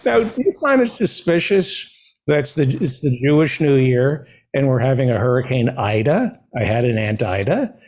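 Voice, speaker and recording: A man hosting a loose comedic talk show, talking at an ordinary middle pitch. He is chatty and playful, circling back to repeat and spell things out. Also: sing-song, normal speed, a little mellow.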